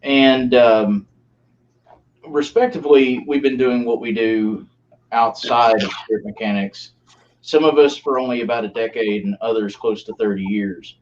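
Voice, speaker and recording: A man on a paranormal team, describing their work in a casual, halting way with many fillers. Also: medium pitch, steady tone, a little mellow, a little hiss or hum. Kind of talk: casual live-stream chat. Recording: dull lo-fi call audio.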